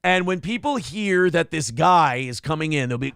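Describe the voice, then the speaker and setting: A man's voice: fairly high pitch, lively intonation, normal speed, vocal fry, fairly bright tone, clean tone, dry recording, clean studio sound. A man hosting a morning show, riffing crudely and comically in casual rambling chat. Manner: crude, joking, rambling storyteller.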